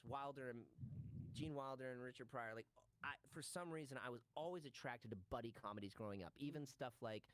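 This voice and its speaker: A man telling a long, animated story in casual chat, acting out bits of dialogue in quick voices. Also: mid-range voice, no room sound, low-quality recording. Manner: animated storyteller who acts out lines in quick character voices. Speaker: show regular recalling sketch work.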